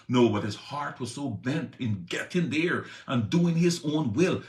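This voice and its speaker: A man's voice: mid-range voice, lively intonation, measured pace, hardly any pauses, darkish tone, echoey room. A man giving a morning devotional talk, retelling a Bible story in a conversational, slangy way and checking in with "right?". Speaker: preacher.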